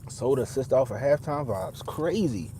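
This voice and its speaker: Rambling, profane man with a mellow voice. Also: mid-range voice, expressive, moderate pace, slight background noise. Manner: profane, rambling, repeats himself. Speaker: commentator; father. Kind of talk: casual commentary.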